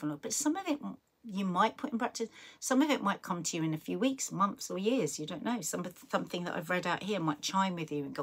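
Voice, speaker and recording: Middle-aged woman host, low and husky, earnest and encouraging, reads messages then advises. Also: lively intonation, fairly quick. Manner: earnest, encouraging, many restarts and quiet asides. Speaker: podcast host reading viewer messages. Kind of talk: heartfelt live-stream chat.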